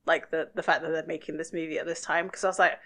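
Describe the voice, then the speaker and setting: A woman co-hosting a podcast, casually talking through a TV episode, relaxed and quick to giggle. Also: low voice. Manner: relaxed, giggly, thinks aloud. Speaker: podcast co-host. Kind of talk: casual chat about a TV episode.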